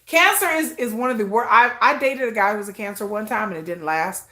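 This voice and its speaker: A woman's voice: mid-range voice, fast talker, sharp tone. Rambling self-mocking middle-aged woman. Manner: rambling, self-mocking, acts out both sides of remembered conversations. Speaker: livestream host. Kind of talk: casual chat.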